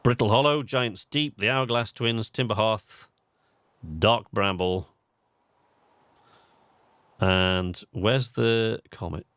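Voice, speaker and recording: A man's voice: on the low side, slow pace, pauses often, fairly bright tone, clear, resonant tone, no echo. A man streaming a video game live, chatting eagerly to his viewers, with plenty of fillers. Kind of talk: gaming livestream commentary.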